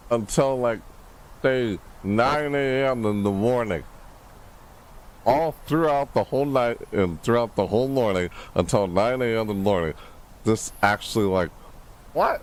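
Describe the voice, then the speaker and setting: A man streaming a live reaction, thinking aloud, rambling and correcting himself, with excitable bursts. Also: unhurried. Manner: excitable, bursts into high shouts.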